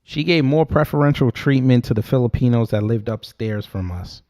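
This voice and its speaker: A young New Yorker hosts, telling a story in a casual, slangy, animated way while talking back to his chat. His mid-range male voice moves at a normal speed.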